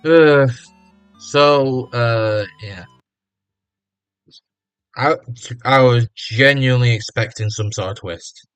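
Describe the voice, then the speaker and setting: A man's voice: medium pitch, takes it slowly, pauses often, fairly bright tone, clean tone, dry recording. British man, game streamer, casual rambling commentary, dry close sound, faint music behind. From United Kingdom. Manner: rambling, thinking aloud, self-questioning.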